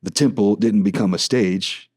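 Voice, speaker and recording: A man's voice: fairly low pitch, normal speed, breathy edge, dry recording, studio quality. A middle-aged man, a worship leader, telling a story in a casual podcast conversation, acting out the dialogue as he goes. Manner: animated storyteller, acts out dialogue, frequent restarts.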